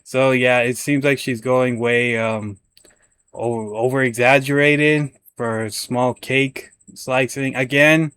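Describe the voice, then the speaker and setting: Casting: young male commentary host, chatty and rambling, stumbles over words, mid-pitched voice. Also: fairly even intonation, slow, a bit bright, clean tone, no echo. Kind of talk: casual reaction commentary.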